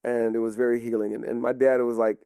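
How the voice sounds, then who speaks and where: A man's voice: mid-range voice, flat delivery, fast talker, warm tone, smooth, dry recording, studio quality. A comedian guest chatting casually and animatedly, acting out voices as he tells stories. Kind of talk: casual storytelling chat.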